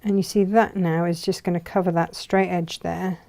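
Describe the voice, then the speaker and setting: A woman's voice: fairly low pitch, level tone, moderate pace, vocal fry, mellow. A woman hosting a live textile craft demonstration, chatting and thinking aloud as she works.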